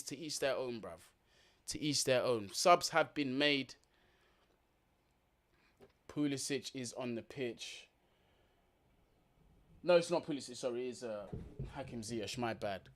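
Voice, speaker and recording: A man's voice: a little high, fairly bright tone. A man hosting a football watch-along, giving blunt, slangy live commentary, swearing freely and talking straight to his viewers.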